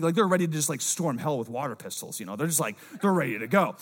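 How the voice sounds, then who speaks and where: A man, a young-adult pastor, preaching a casual sermon, dropping low and quiet for asides and rising loud for emphasis. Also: animated, fast talker.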